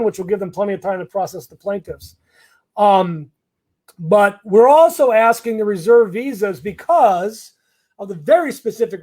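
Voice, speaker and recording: A lawyer speaks in a high voice as he answers viewer questions in a live session. He is blunt and conversational, full of ums and false starts. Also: darkish tone. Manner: blunt, conversational, many fillers and restarts. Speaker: immigration lawyer.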